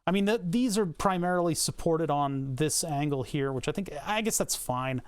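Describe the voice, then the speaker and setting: A man's voice: fairly high pitch, expressive, moderate pace, clear, resonant tone. A man hosts a casual livestream, narrating his work at the desk with a slightly raised voice. He rambles, pokes fun at himself and trades jokes with the chat between steps. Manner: rambling, joking asides to chat, self-mocking. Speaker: streamer.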